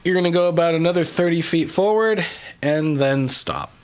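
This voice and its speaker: A man's voice: on the high side, moderate pace, clean tone. A man running a tabletop game as game master, narrating with lots of laughter. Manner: lively, laughs often while narrating.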